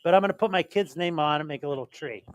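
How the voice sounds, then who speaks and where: A man's voice: fairly high pitch, fast. An older man hosting a call-in show, answering legal questions and then chatting and telling stories with acted-out quotes. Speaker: radio show host giving legal advice. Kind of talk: call-in advice and casual storytelling.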